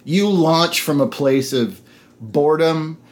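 A man's voice: fairly high pitch, expressive, slow. A man appearing as a guest on a comedy podcast, sounding exasperated. He needles the host with pointed, sarcastic questions and keeps pressing his point. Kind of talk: comedic banter.

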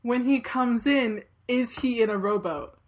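A woman's voice: a little high, unhurried. A woman co-hosting a podcast in casual chat, curious and full of questions. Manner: curious, asks many questions. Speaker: podcast co-host.

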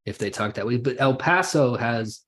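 A man's voice: mid-range voice, lively intonation, normal speed, a bit bright, breathy edge. A man hosting a podcast, telling rambling stories in a casual, profane way. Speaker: podcast host.

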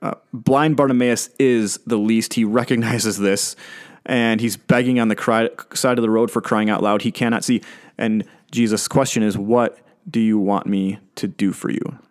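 A man's voice: fairly low pitch, fairly even intonation, moderate pace. A man preaching a sermon in a conversational, earnest way, with light laughter as he talks. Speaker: pastor.

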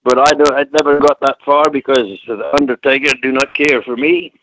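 Appearing on an interview show, this former wrestler from Scotland spins casual, folksy, plainspoken stories. He sounds medium-pitched, steady, brisk and a bit bright, though the audio is poor with slight hiss or hum.

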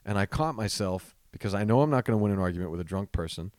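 Low-voiced man telling a story casually. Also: animated, quick pace, darkish tone, no echo, studio quality. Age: 30s. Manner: casual, profane, rambling storytelling with restarts. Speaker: podcast host. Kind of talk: solo storytelling podcast.

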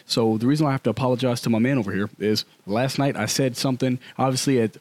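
A man's voice: mid-range voice, fairly even intonation, quick pace, darkish tone, no room sound. Slangy man in his thirties, dry sound. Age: 30s. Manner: candid, slangy storytelling. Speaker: podcast co-host. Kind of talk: casual chat.

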